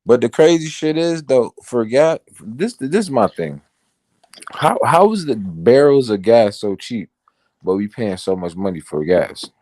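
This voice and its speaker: A man's voice: mid-range voice, animated, a little slow, a little mellow, no room sound. A man in casual chat, talking loosely with lots of "like" and swearing. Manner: loose, profane, says "like" a lot.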